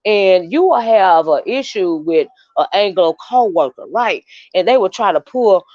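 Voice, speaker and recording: A woman's voice: mid-range voice, animated, a little slow, darkish tone, dry recording. Rambling woman livestreamer, dull dry audio. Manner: rambling, chatty storytelling to viewers. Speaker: livestream host. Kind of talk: casual livestream commentary.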